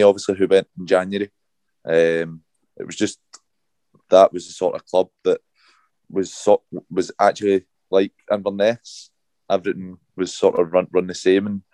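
A man's voice: deep voice, dark tone, no room sound. A man answering interview questions as a footballer, hesitant with many fillers. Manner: hesitant, many fillers, keeps saying obviously. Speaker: guest footballer.

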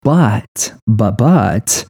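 A man's voice: fairly low pitch, lively intonation, extremely slow, vocal fry, mellow, breathy edge. A man in his thirties from Cleveland, telling a profane, laughing story in casual podcast chat. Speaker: podcast guest, coffee company co-founder.

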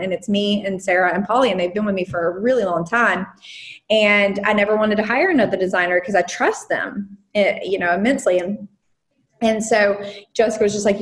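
A woman in her thirties who runs a design business, talking casually in an interview with many fillers and restarts. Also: medium pitch. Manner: rambling, frequent fillers and restarts. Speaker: design firm owner.

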